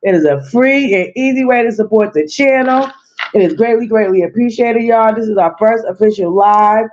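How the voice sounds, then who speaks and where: A woman's voice: on the high side, normal speed, darkish tone, slight background noise. A woman hosting her own livestream in a casual, chatty way, talking straight to her viewers. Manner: chatty, repeatedly addresses viewers directly. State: slightly out of breath. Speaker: livestream host. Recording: dull lo-fi audio.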